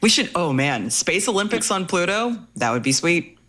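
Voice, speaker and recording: A woman hosting a space science podcast, enthusiastic and quick to laugh, also reading the show's outro. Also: on the low side, very animated, fairly bright tone. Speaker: podcast host. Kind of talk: casual podcast chat and read outro.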